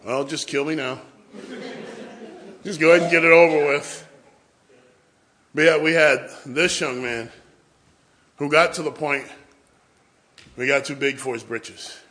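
A man's voice: a little high, steady tone, a little slow, pauses often, sharp tone. A man preaching a sermon in church, telling humorous stories and acting out family scenes. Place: church with a responding congregation.

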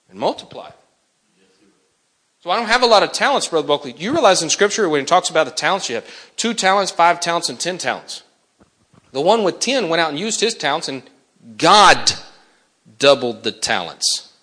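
A man's voice: on the high side, fairly bright tone. A man preaching an impassioned sermon, urgently pressing the listeners and breaking into acted-out dialogue.

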